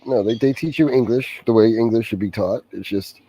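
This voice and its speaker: A man with a Massachusetts accent speaks in a low, husky, mellow voice. His delivery is dry and halting, with pauses and fillers. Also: rough recording. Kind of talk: casual banter.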